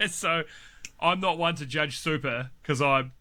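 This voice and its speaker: A man's voice: fairly high pitch, slow, pushed and bright. A man chatting casually as a podcast co-host, swearing freely, laughing often and restarting his sentences. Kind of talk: casual chat.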